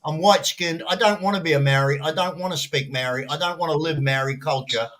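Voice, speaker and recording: This older man was born in New Zealand and speaks, and his voice sits fairly high. He swears freely and cracks crude jokes while bantering on a live stream panel. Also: fast, fairly bright tone. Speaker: panel guest.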